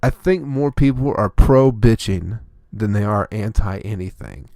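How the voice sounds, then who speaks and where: A man's voice: lowish voice, measured pace, gravelly, warm tone, no echo, clean studio sound. A man hosting his own comedy podcast, delivering a rambling, profane, opinionated solo rant.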